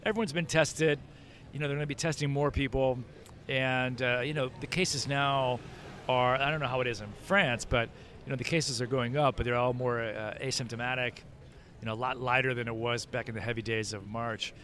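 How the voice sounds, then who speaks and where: A man's voice: medium pitch, fairly even intonation, brisk, fairly bright tone. A man, a print journalist hosting a casual interview chat, talking loosely with many fillers and asking questions.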